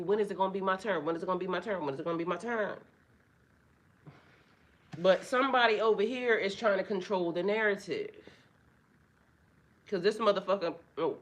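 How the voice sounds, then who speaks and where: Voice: mid-range voice, fairly bright tone. A spiritual tarot reader giving a casual live reading, chatty and profane, greeting viewers by name.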